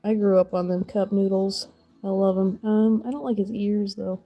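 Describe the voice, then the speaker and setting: A woman's voice: medium pitch, level tone, normal speed, lo-fi sound, soft background music. A woman in her thirties chatting casually while crafting on a stream, rambling and laughing often.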